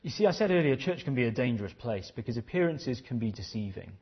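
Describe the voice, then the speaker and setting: A man's voice: mid-range voice, big pitch swings, fast talker, slightly rough, highs cut off. A man preaching a sermon, earnest and questioning, often repeating his phrases.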